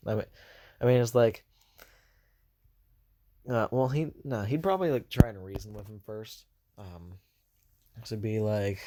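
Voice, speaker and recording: A man's voice: mid-range voice, expressive, unhurried, long pauses, dark tone, no room sound. A man casually retelling a fan story, hesitant and full of fillers and self-corrections.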